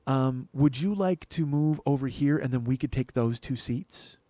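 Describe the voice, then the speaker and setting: A small, earnest mother, speaking softly and slowly with a pleading edge, as a man puts her on while telling a story. The voice sits close and dry, with no room around it. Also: medium pitch, no echo, lightly acted. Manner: earnest and pleading, soft and slow. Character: tiny earnest mother on a plane, woman.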